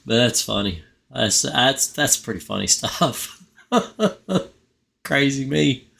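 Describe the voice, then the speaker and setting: A man's voice: medium pitch, expressive, slow pace, vocal fry, pushed and bright. A middle-aged man hosting a live stream, chatting casually and rambling, often laughing at his own stories. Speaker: pest control channel host.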